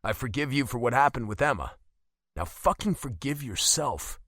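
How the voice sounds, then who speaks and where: A man voicing a calm grown older brother who speaks bluntly and reassuringly. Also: medium pitch, moderate pace, no echo, clean studio sound. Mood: gentle.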